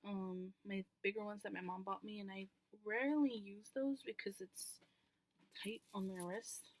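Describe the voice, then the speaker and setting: A woman's voice: medium pitch, steady tone, normal speed. A woman vlogger talking candidly to camera in a casual, rambling way, with many ums and casual swearing.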